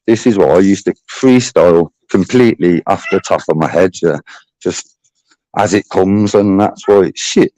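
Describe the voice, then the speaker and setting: A man's voice: sits low, moderate pace, warm tone, no echo, rough recording. A middle-aged man rambling bluntly and swearing in casual livestream chat. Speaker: channel host.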